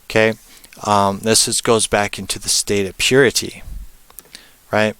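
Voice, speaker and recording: Lowish, smooth-voiced man teaching casually. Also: little pitch movement, measured pace, fairly bright tone, no echo. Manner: rambling, frequent "um" and "right?"; puts on brief high voices for spirits. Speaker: spiritual teacher. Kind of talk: casual spoken presentation.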